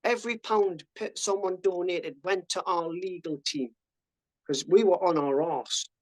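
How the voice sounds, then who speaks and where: A man's voice: sits high, unhurried, a little mellow, low-quality recording. A man, talking as a podcast guest. He tells his story in plain casual speech, swears freely and acts out other people's words in a raised voice. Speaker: podcast guest, army veteran.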